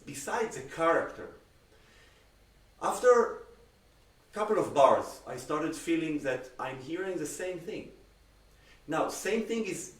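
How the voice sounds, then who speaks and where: Cello teacher, male, Israeli accent, lively explainer, recorded off-mic in an echoey room. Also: a little high. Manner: animated, uses everyday comparisons and acted-out examples. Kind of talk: masterclass critique. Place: room on a video call. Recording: roomy sound, distant from the mic.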